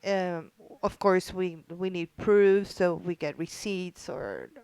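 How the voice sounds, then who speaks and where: A woman guest in a casual podcast interview, talking earnestly with frequent pauses and fillers. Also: on the low side, darkish tone, smooth, dry recording. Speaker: guest, founder of a military spouse group.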